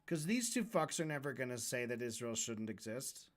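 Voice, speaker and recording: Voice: mid-range voice, animated, moderate pace. A streamer reacting to a debate, ranting and mocking in a profane voice.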